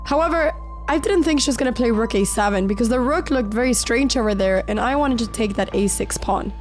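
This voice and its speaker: Woman, higher voice, slightly sick, occasional voice cracks, calm chess narration, faint music underneath. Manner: calm, measured storytelling of moves. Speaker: chess player narrating her game. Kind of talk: reflective voice-over narration. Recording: voice-over with faint background music.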